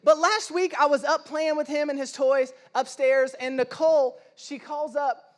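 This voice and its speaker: A young man preaching a sermon in church, telling stories in a lively, humorous way and acting out the voices of the people he quotes. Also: extremely high pitch, moderate pace. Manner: animated, acts out quoted voices, self-deprecating humor. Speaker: pastor. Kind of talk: sermon with storytelling.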